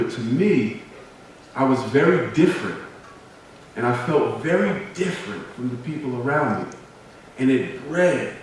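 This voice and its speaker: A man giving a motivational speech, telling personal stories with humor and dramatic pauses. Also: medium pitch, a little hiss or hum. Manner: humorous, self-deprecating storytelling with dramatic pauses. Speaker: motivational speaker. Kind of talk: personal storytelling speech to an audience. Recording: very echoey hall, voice from a distance.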